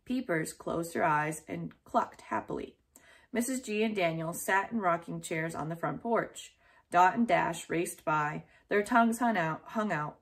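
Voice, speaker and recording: Low-voiced woman reading a children's book. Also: a little slow, creaky. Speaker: storyteller.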